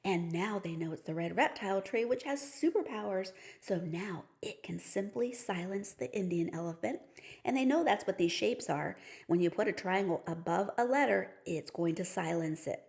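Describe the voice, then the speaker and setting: A woman explains a phonics lesson to teachers and parents, patiently going step by step and tossing in playful story cues. Her voice sits a little low and has a gravelly, creaky texture. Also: normal speed, a little mellow. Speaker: reading teacher.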